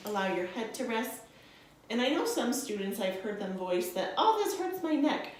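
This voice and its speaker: A woman's voice: medium pitch, a little hiss or hum. Young woman yoga teacher, soothing and encouraging, sounds far off in a really echoey room. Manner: soothing, encouraging, calls listeners friends. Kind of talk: guided yoga instruction.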